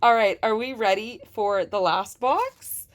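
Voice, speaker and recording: A young adult woman reviewing toys in an unboxing video, gushing and excitable, gasping with delight. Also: medium pitch, a little slow. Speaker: toy reviewer.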